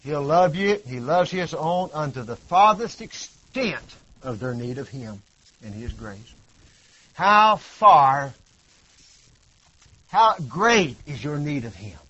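Preacher man, high voice, fervent, swings from loud cries to near-whispers, dull lo-fi recording. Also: sing-song, slow pace, long pauses. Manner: impassioned, swinging from loud cries to hushed tones; rhetorical questions and repetition. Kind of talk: sermon.

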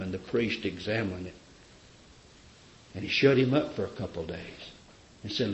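A man's voice: fairly low pitch, normal speed, pauses often, slight background noise. Male preacher, fervent storyteller; roomy, lo-fi sermon recording. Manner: fervent storytelling, rhetorical questions.

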